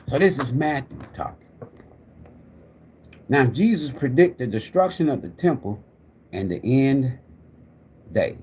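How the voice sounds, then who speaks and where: Animated middle-aged man preaching on a livestream. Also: medium pitch, a little hiss or hum. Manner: animated, profane, preacher-like, addresses viewers directly. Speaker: tarot reader and livestream host. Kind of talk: rambling preachy livestream talk.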